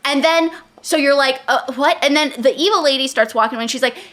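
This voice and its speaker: High-voiced sarcastic woman. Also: fast, fairly bright tone. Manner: sarcastic, incredulous commentary. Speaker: podcast co-host. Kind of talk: casual book-critique chat.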